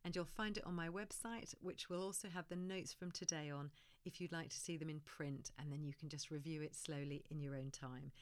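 A woman hosting a parenting podcast, talking in a gentle coaching way and dropping to a soft hush for comforting phrases. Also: low-pitched, steady tone, a little fast, smooth. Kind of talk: solo podcast talk.

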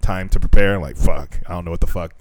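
A man's voice: sits low, a little fast, noisy background. A man co-hosting a podcast, telling stories about teaching in loose, profane, casual chat and laughing often. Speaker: podcast co-host, foreign English teacher at schools.

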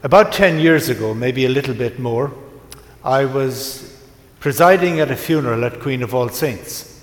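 A priest preaching to his congregation, telling a story in a gentle, unhurried way with pauses. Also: mid-range voice. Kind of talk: sermon. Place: large church. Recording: echoey church from a distance.

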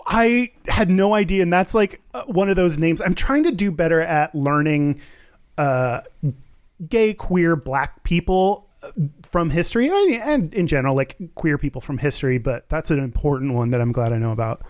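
With a slightly high voice and lively intonation at a normal pace, this podcast co-host chats casually. His talk rambles, packed with fillers and frequent laughter. The audio is dry and studio quality.

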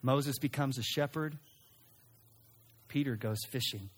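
A man preaching a sermon in an animated way, acting out quoted lines and sometimes restarting his sentences. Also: mid-range voice, a little slow, breathy edge. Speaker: pastor.

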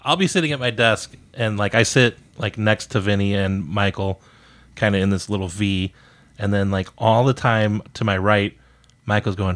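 A man's voice: fairly low pitch, moderate pace, a bit bright. A man casually telling crude, joking stories about his coworkers. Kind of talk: casual storytelling.

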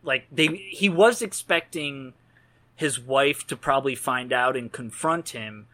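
A man's voice: medium pitch, a little slow, sharp tone. A man co-hosting a casual movie podcast, rambling and joking as he talks through scenes. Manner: rambling, jokey, laughs at own lines. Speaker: podcast co-host. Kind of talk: casual film discussion.

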